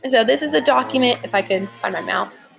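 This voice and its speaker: A woman's voice: on the high side, fast, vocal fry, noisy background. A young adult woman teacher giving a casual recorded lesson from home, chatty and informal, with many fillers. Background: leaf blower outside.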